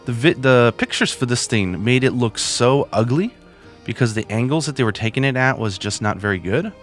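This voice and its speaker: A man's voice: mid-range voice, animated, normal speed, soft background music. A man hosting a video and reviewing plush toys in a chatty, casual way, with lots of asides. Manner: chatty, with many fillers and asides.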